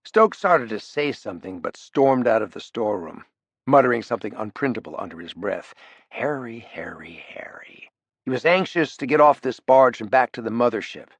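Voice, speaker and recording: A man's voice: mid-range voice, big pitch swings, fairly quick, no echo. A man narrating a thriller audiobook with wry, punchy emphasis, close on the mic.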